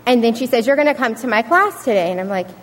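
Young woman, slightly high voice, earnest storytelling speech, reverberant hall. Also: expressive, fast talker, fairly bright tone, slight background noise. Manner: earnest, storytelling with acted quotes. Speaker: student speaker. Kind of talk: prepared speech to an audience.

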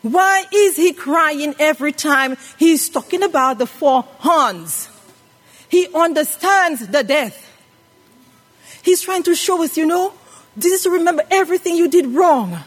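Her voice is high-pitched and expressive, and she takes an unhurried pace while preaching to a congregation. Recorded in a reverberant worship hall, she leads call-and-response by asking the people questions.

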